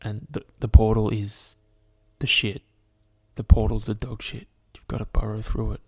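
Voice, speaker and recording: Speaking at a moderate pace in a voice on the low side, a man hosts a podcast by himself. His animated stories and rants to the listener come loaded with profanity and a steady run of "like."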